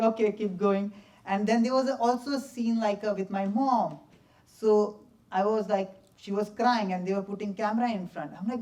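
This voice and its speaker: A man's voice: high-pitched, moderate pace. Young man telling stories off-mic. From India. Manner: lively storyteller, laughs often, simple broken English. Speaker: film subject answering audience questions. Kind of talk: post-screening Q&A answers. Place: cinema or festival hall. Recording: distant from the mic.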